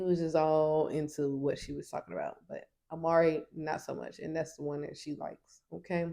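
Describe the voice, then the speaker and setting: Sassy woman reviewer, low-ish voice, casual recap. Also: flat delivery, moderate pace, vocal fry, few pauses, warm tone. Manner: sassy, emphatic. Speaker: TV show reviewer.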